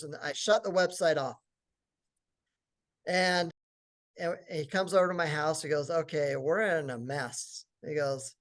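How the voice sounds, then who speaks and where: A middle-aged man, a company founder, telling a lively business story at a forum and acting out what other people said. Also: a little high. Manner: animated, acts out quotes of others.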